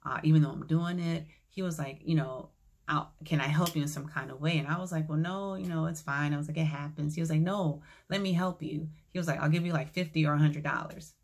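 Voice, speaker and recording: A woman vlogger casually telling a personal story to her viewers, acting out the dialogue in a calm, reflective way. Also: low-pitched, brisk, gravelly.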